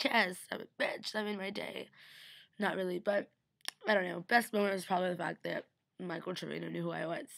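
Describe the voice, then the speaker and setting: Gushing young woman vlogger, gravelly low voice. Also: fairly bright tone, no echo. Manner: gushing, chatty, lots of "like". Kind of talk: casual vlog recap.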